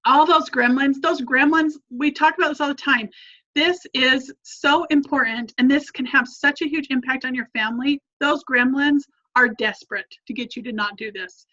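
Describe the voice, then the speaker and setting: A woman's voice: high-pitched, normal speed, bright, forceful tone, muffled recording. A woman family coach giving an earnest, encouraging lesson, repeating her points for emphasis.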